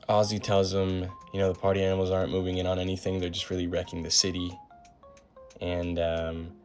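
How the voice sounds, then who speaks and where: Low gravelly-voiced guy recapping comics. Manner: laid-back slangy summarizing with many ums. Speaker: comic book reviewer.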